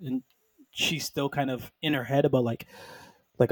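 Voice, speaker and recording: A man with a warm, mellow voice, recorded dry and close. He chats casually about comics, sprinkling in "like" and jumping into quick acted-out quotes from the characters. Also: mid-range voice, gravelly, breathy edge, no room sound, poor audio. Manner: animated storytelling, acting out characters in quick quoted lines; peppers speech with "like". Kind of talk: casual comic book chat.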